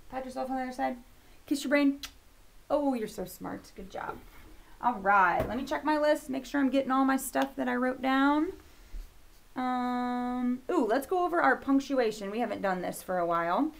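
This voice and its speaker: A woman with a high-sitting, gravelly voice teaches a kindergarten lesson on video. She's upbeat and encouraging, slowly sounding out letters for young children.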